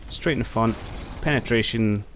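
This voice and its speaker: A man with a fairly low voice talks through a tactical war game as he plays. He muses out loud, hesitates with ums, and addresses his soldiers like a coach cheering them on. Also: normal speed, slight background noise. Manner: thinks aloud, talks to his units, excited outbursts. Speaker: gameplay commentator. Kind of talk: casual let's-play commentary.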